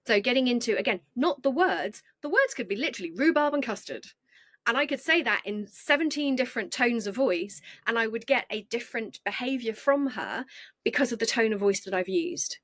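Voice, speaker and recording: A middle-aged woman, telling stories in an animated, chatty way with easy laughs as a podcast guest. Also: a little high, brisk, no room sound. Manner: chatty, animated, acts out voices, laughs easily. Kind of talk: conversational storytelling.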